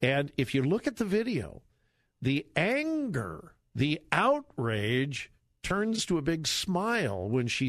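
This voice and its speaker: A man's voice: no echo, studio quality. A middle-aged man hosting a talk radio show, giving emphatic, repetitive commentary. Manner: emphatic, repetitive, lively pitch swings.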